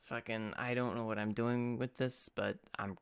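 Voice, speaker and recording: A woman's voice: extremely low pitch, steady tone, moderate pace, smooth. A woman streaming a video game, chatting casually, swearing often and breaking off her own sentences. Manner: swears a lot, rambling and self-interrupting. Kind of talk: casual gameplay commentary.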